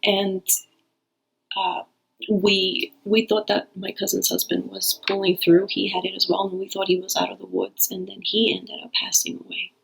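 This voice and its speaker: A woman's voice: medium pitch, completely flat delivery, normal speed, gravelly, fairly bright tone, slightly rough, low-quality recording. A woman hosting her own reading channel, talking casually and rambling to her viewers with frequent restarts. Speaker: tarot reader and channel host. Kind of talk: casual talk to camera.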